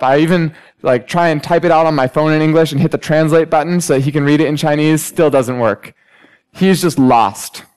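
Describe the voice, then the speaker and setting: A young man delivers a sermon in a smooth, clear voice that sits a little high for a man. He mixes teaching with personal stories and acts out everyday conversations with animated energy. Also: low-quality recording. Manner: storytelling, animated when acting out conversations. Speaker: preacher.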